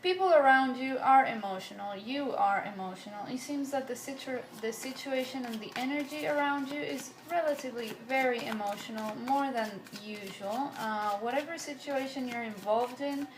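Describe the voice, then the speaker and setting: A woman's voice: high voice, normal speed, few pauses, noisy background. A woman giving a casual tarot reading, chatty and rambling, swearing now and then and drifting between accents. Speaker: tarot reader. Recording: echoey room with faint ambience.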